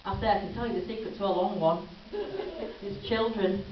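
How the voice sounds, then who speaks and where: A woman's voice: mid-range voice, steady tone, a little fast, slight background noise. A woman performing a chatty stand-up comedy routine, teasing the audience as she goes. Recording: lo-fi camcorder from a distance in an echoey hall.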